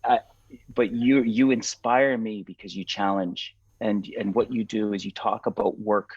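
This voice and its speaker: A fifty-year-old man hosts a casual talk, speaking earnestly and often restarting his sentences. His voice sits on the low side. The sound is dull and lo-fi, as over a video call. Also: steady tone, darkish tone, husky, no echo. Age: 50s. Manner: earnest, halting, with many restarts. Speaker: podcast host. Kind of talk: casual conversation.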